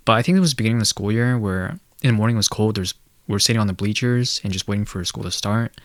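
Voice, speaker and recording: A young man with a lowish voice rambles through a casual rant, full of fillers and blunt, sardonic asides. The sound is dry and close to the mic, with no room around it. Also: fast, no echo. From Asia. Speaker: commentary video host.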